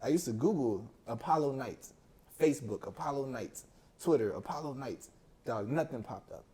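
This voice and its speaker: A young man, a podcast guest, chatting casually and telling a personal story with lively slang. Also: medium pitch, moderate pace. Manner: animated storytelling with slang, acting out quoted people. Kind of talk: casual chat.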